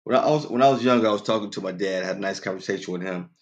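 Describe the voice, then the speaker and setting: A man's voice: very fast, muffled recording. A man hosting a casual radio show, telling dad jokes, laughing at his own punchlines and talking straight to his listeners. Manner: quoted voices go far higher in pitch.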